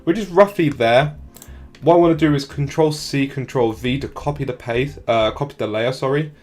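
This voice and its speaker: A man talking fast and casually through a software tutorial, often saying "like". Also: mid-range voice, soft background music. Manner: fast, casual, many "like" fillers. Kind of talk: screen-recorded tutorial walkthrough.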